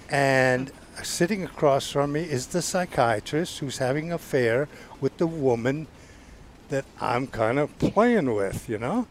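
A man's voice: medium pitch, a little hiss or hum. An older man with a Southern US accent, rambling through a story as a podcast guest, with stammering restarts. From Georgia, US. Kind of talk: casual storytelling.

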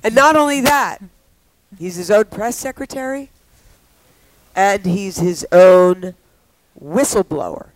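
A woman's voice: mid-range voice, slow pace, pauses often, no echo, low-quality recording. A woman hosting a talk show, talking in a playful, bawdy, teasing way with callers. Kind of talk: casual radio show chat.

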